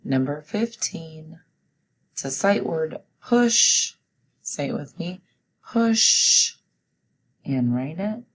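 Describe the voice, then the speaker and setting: Slow, low-voiced teacher dictating spelling words. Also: female voice, mellow, poor audio. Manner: slow, deliberate, clearly enunciates each test word. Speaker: teacher giving a spelling test. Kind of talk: recorded classroom spelling dictation.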